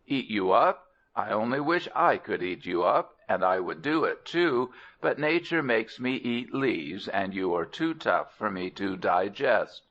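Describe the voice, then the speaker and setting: A resentful old elephant grumbles with scorn, as a man reads his part in a storybook. The voice stays low and unhurried. The recording sounds dull and lo-fi. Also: expressive, a bit bright. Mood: scornful.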